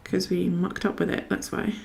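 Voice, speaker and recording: Chatty, gravelly young woman from Scotland. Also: lowish voice, flat delivery, darkish tone, a little hiss or hum. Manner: chatty and unhurried, reading out viewer comments and talking to herself while she works. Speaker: live stream host. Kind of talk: casual live-stream chat while colouring.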